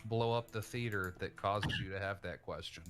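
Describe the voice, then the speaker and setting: A man's voice: deep voice, moderate pace. A man co-hosting a podcast in casual chat, wry and talkative about history. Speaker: podcast co-host.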